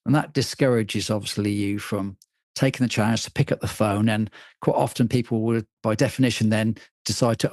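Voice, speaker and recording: A male podcast host with a fairly low voice, asking questions and commenting in a measured, conversational way. The recording is dry and close, with no room sound behind him. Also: fairly even intonation, darkish tone, dry recording. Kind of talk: interview questions and remarks.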